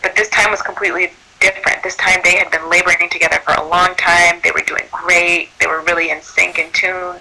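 A man who works as a birth doula tells a personal story in an animated way, acting out what people said. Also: sits high, a little fast, vocal fry, few pauses, low-quality recording. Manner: animated, acts out quoted speech.

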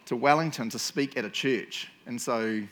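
A man's voice: medium pitch, moderate pace, fairly bright tone. Joking New preacher man. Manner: jokey, self-mocking storyteller who teases the audience. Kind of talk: casual humorous sermon.

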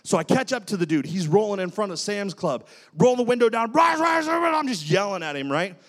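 High-voiced, animated male preacher. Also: fairly quick. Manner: animated, dramatic storyteller with shifting energy. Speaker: pastor. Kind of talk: sermon with personal storytelling.

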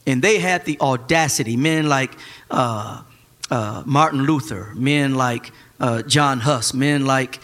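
A man preaching a Sunday sermon, animated and joking, breaking into shouts at the high points. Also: slow. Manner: casual churchy speech with slang. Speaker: pastor.

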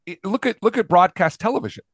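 Man, forties, podcast co-host, casual banter, animated, slightly high voice. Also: fast talker, slightly rough, no echo, clean studio sound. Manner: animated, acts out quotes.

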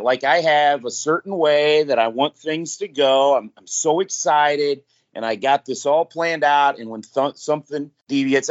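A man in his forties telling candid, self-mocking stories in casual chat as a podcast guest. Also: medium pitch. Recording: dull lo-fi podcast audio.

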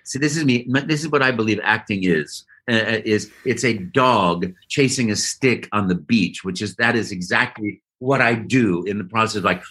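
A man guest telling a lively story in an interview and acting out voices and sounds as he goes. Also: on the low side, brisk, hardly any pauses, husky. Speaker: guest voice actor. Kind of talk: animated storytelling.

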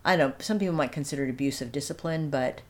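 Low-voiced woman telling a rambling story. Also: very fast. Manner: rambling, with frequent restarts and asides; animated and amused at times. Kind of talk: casual conversational storytelling.

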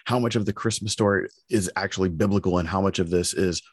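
Fast-talking low-voiced man co-host. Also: slightly rough, no echo, studio quality. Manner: quick, laughs often. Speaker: podcast co-host. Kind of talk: casual conversation.

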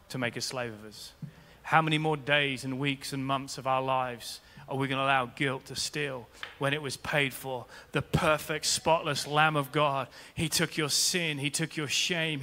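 A man's voice: mid-range voice, steady tone, unhurried, sharp tone. A man preaching a sermon as pastor in a church, rousing and rhythmic, calling his congregation to respond. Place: large church. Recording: long reverb of a large church hall.

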